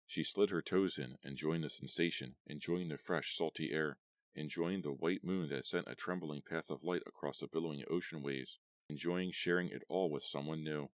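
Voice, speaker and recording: Very deep-voiced male audiobook narrator. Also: normal speed, dry recording, studio quality. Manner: steady storytelling read. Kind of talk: scripted narration.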